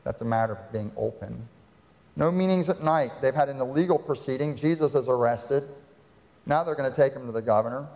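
A pastor with a mid-range, darkish voice moves briskly through a sermon, retelling scripture dramatically and questioning his congregation rhetorically. The church sanctuary lends a long, hall-like reverb.

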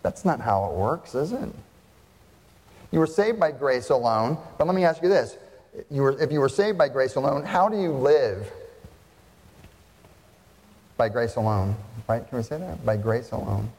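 A male pastor delivers a sermon, throwing rhetorical questions at his congregation. His voice sits at an ordinary middle pitch and stays emphatic, circling back to the same key phrases. A long reverb trails each line, as in a large hall. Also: animated, moderate pace, long pauses, darkish tone.

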